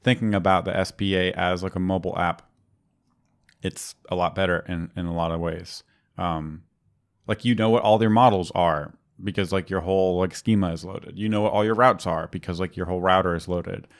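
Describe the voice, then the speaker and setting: A man's voice: low-pitched, fairly even intonation, brisk. A man co-hosting a podcast, talking casually and at length, with many fillers and restarts. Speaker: podcast co-host. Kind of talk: casual technical chat.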